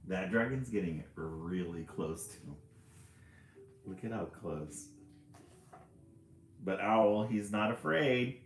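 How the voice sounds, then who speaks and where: In an echoey room with faint ambience, a deep-voiced man reads a kids' book on a live stream, adding commentary about the pictures and chuckling a lot. His delivery is expressive and slow, with frequent pauses.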